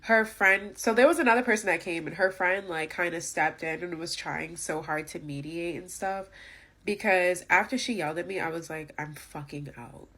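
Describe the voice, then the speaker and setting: A woman's voice: fairly low pitch, steady tone, moderate pace, a bit bright. A young woman vlogger telling an indignant storytime rant, emphatic and full of fillers.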